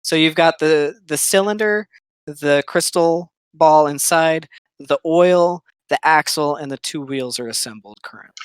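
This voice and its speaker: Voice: medium pitch, a little slow, clean tone, no room sound. A game master narrating a tabletop game in an easygoing way, with frequent fillers.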